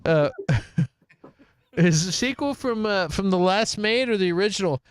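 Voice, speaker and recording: A man's voice: sits high, expressive, a little slow, pauses often, smooth, no room sound. A man hosting a casual comedy chat, joking and laughing often as he asks the questions. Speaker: podcast host asking the questions.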